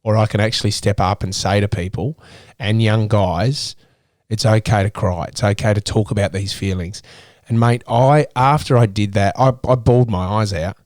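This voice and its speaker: A man's voice: fairly low pitch, moderate pace, darkish tone, no echo, studio quality. An Australian man in his thirties talking candidly and earnestly as an interview guest, often restarting his sentences. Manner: earnest, emotional, with many restarts.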